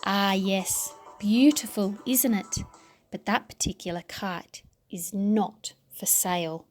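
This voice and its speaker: A woman plays a mysterious storybook shopkeeper, hushed and deliberate, hinting at danger. The voice stays calm and slow, guarding a secret. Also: mid-range voice, soft background music, voice pushed down. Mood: secretive. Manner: warning, mysterious, then yelling. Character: secretive shopkeeper of a kite shop.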